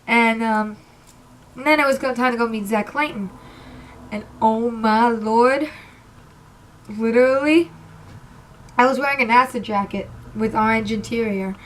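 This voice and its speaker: A young woman telling an excited, rambling storytime about meeting her idols, emotional and close to tears. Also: fairly high pitch, measured pace, long pauses, slight background noise. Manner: gushing, rambling, says literally a lot. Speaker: vlogger.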